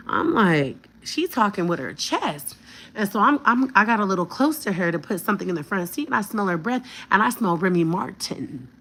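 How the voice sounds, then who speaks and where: A woman's voice: mid-range voice, animated, normal speed, fairly bright tone. A woman in her fifties telling a heated story to her viewers, blunt and profane. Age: 50s. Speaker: vlogger.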